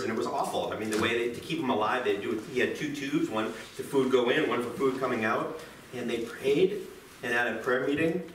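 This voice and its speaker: A man teaching high schoolers in a classroom, chatty and self-deprecating, with lively jokes. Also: slight background noise. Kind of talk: classroom lecture. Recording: roomy, distant classroom mic.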